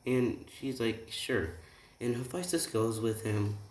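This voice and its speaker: A man casually retelling a fan story in a rambling, halting way with many restarts. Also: mid-range voice, darkish tone. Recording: roomy room, distant mic, faint hiss.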